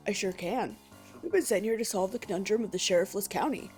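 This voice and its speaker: A woman's voice: medium pitch, fast talker, darkish tone, faint music behind, lightly acted. A woman voicing an earnest male lobster police officer in a game, with a pompous storytelling manner. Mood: self-important.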